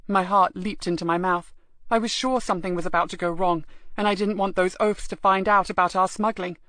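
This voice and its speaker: A woman narrating a first-person audiobook in a measured, expressive way. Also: mid-range voice, dry recording.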